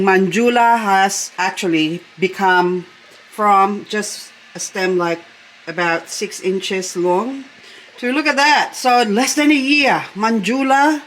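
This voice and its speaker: Woman, home vlogger, mid pitch, casual rambling chatter, frequent laughs. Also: slow, a bit bright. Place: at home indoors.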